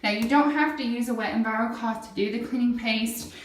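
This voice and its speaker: A woman's voice: a little high, a little fast, slight background noise. A woman giving a casual how-to demonstration in her home bathroom, chatting as she scrubs. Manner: chatty, explains while scrubbing. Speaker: product demonstrator. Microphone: camera set back from the speaker. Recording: echoey tiled bathroom from a distance.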